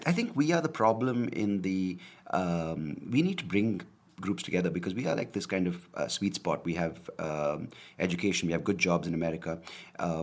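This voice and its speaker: Very deep-voiced man, rambling and profane. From India. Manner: rambling, profane, joking, self-deprecating. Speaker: comedian podcast host. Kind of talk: casual solo podcast monologue.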